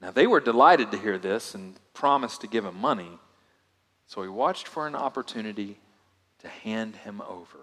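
A male pastor preaching a sermon, swinging from loud emphatic lines to hushed, quiet asides. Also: fairly low pitch, lively intonation, normal speed. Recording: long hall reverb.

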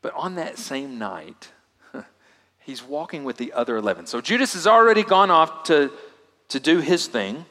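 A male pastor preaching a sermon, swinging from loud emphatic lines to hushed, quiet asides. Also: on the high side, sing-song, normal speed. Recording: long hall reverb.

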